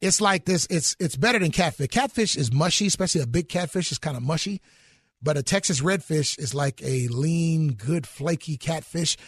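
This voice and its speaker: A man's voice: a little high, animated, normal speed, husky, no echo. A middle-aged man in an enthusiastic interview chat, exclaiming about food. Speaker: guest.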